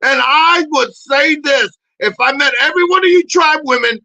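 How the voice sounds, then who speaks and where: A man voicing a crude, brash male dog who rants and shouts in a comedy podcast bit. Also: very high-pitched, moderate pace, highs cut off, pitched above the performer's own voice, heavily acted.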